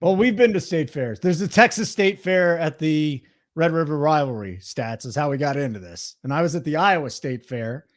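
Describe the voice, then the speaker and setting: A man hosts a sports-betting podcast with rambling, jokey stories. His voice sits high and jumps around animatedly. He keeps the talk loose and chatty. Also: expressive, normal speed, hardly any pauses. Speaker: podcast host. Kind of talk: casual podcast chat.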